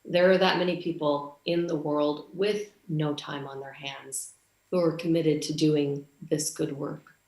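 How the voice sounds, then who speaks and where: A woman's voice: low voice, steady tone, unhurried, darkish tone, roomy sound. A woman from Canada giving a conference speech, telling a story and acting out the dialogue. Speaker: conference speaker.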